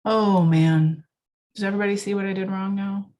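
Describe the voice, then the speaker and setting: A woman's voice: medium pitch, fairly even intonation, normal speed, a little mellow. A woman, working through a recorded math lesson, chatty and thinking aloud as she corrects herself. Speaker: math teacher.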